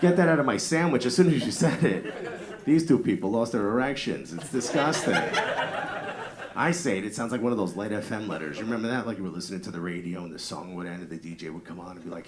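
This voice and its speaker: A man's voice: on the low side, quick pace, a crowd in the background. A man with a New York-area accent doing a crude, conversational stand-up set, acting out bits of dialogue. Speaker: stand-up comedian. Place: comedy club stage with live audience. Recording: live club audience laughing. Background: audience laughter.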